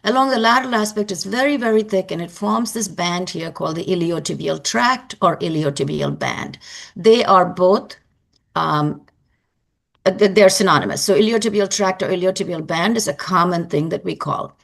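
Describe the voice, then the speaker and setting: A woman's voice: on the low side, normal speed, creaky. A woman teaching an anatomy lecture to students, explaining step by step and repeating key points for emphasis.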